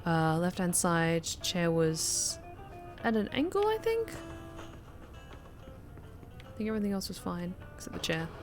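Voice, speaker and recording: A woman's voice: lowish voice, animated, measured pace, pauses often. A woman streamer chatting casually through live gameplay, thanking viewers by name. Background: music.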